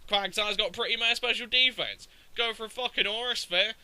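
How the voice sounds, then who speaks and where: Ranting man, very bright tone. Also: high-pitched, fairly quick, clear, resonant tone, no room sound, poor audio. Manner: ranting, swearing, exasperated. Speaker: gaming commentator. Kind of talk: game commentary voice-over.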